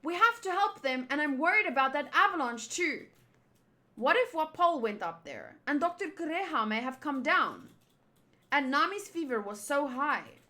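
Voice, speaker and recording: A woman's voice: high voice, sing-song, moderate pace, sharp tone, heavily acted. A worried young princess, as a woman reads her.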